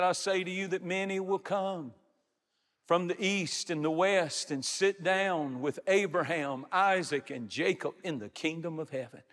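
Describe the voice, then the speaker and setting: A middle-aged man preaching a sermon as pastor, building to shouts and stretching out his phrases. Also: a little high. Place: large church sanctuary. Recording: reverberant hall. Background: congregation.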